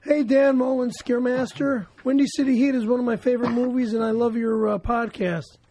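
A man co-hosting a comedy podcast, loud and blunt, shouting profanely in erratic bursts. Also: very high-pitched, flat delivery, a little fast. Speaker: podcast co-host.

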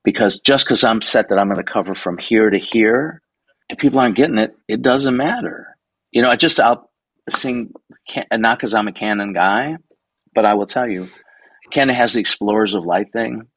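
A man in his sixties with a low, gravelly, somewhat husky voice, recorded dry and close. He chats through anecdotes in a loose, animated way, swearing casually and acting out the voices of the people he quotes. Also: moderate pace, no echo, rough recording. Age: 60s. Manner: animated, swears freely, acts out quoted dialogue. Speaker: guest photographer. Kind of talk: casual interview storytelling.

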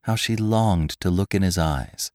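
A man narrating a classic tale for a podcast in measured, expressive storytelling. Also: low voice, dry recording, studio quality.

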